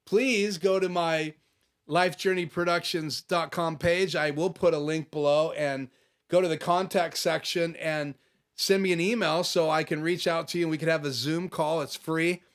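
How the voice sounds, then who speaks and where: A man's voice: fairly high pitch, a bit bright. A man hosting a casual live stream from his home office, chatting and answering viewer comments as they come in.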